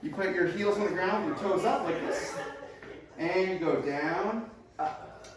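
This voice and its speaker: A man leading a home workout as a fitness instructor, encouraging and quick with short praise, recorded indoors at home. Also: high-pitched, heavy background noise. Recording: echoey room, far from the mic.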